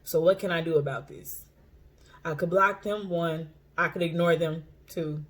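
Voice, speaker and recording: Speaking off the cuff to camera, this intuitive coach and tarot reader has a medium-pitched, fairly bright voice with fairly even intonation and a moderate pace. They're blunt and swear freely, repeating phrases to drive points home and laughing often.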